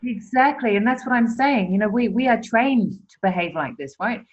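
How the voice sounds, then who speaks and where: A woman's voice: fairly high pitch, lively intonation, normal speed. A woman guest, a therapist, talking in a reflective, earnest way in casual conversation. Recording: muffled lo-fi audio.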